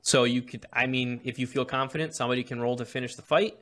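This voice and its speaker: A man's voice: medium pitch, fairly even intonation, fast, fairly bright tone. A man narrating as game master of a tabletop game, explaining rules with frequent restarts.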